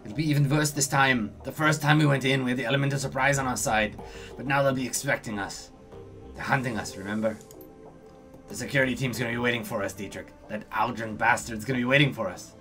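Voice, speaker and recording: A man's voice: mid-range voice, fast talker, bright, forceful tone. A man takes on a hard-bitten woman who leads a crew in a cyberpunk game. She speaks bluntly and firmly, in an ordinary middle register. Faint music plays behind her. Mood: grim. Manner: blunt and firm. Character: tough, grim woman shadowrunner leader.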